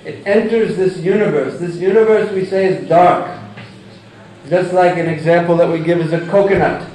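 A man giving a deliberate scripture lecture who chants Sanskrit verses and explains them with examples. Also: sits high, steady tone, a little mellow. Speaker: religious lecturer. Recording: echoey hall, distant mic, faint noise.

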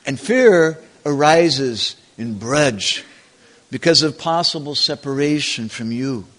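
A man voicing an aging cowherd king father, tender, soft-hearted and troubled, in a devotional story retelling. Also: mid-range voice, animated, slow pace.

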